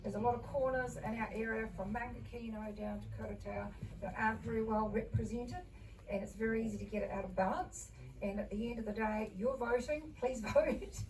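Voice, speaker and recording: Nz woman, higher voice, brisk and upbeat, mic far with faint hiss. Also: a little mellow. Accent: New Zealand. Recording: distant mic with faint noise.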